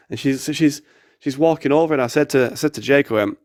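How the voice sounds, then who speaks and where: A young man telling a story casually, animated, swearing and acting out the quotes. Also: medium pitch, fast talker, dry recording, clean studio sound.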